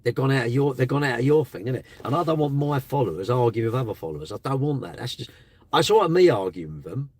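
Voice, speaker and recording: A man's voice: mid-range voice, big pitch swings, fast talker, a little mellow. A man hosting a live stream, chatting bluntly and casually with his viewers. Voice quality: blunt, chatty, slangy delivery.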